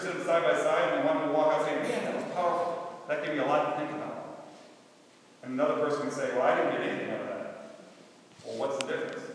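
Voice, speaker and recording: A man's voice: on the high side, a bit bright, slight background noise. Guy preaching in a big echoey church, kinda folksy and chatty, mic sounds far off. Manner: conversational, folksy preaching with asides. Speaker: pastor. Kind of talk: sermon.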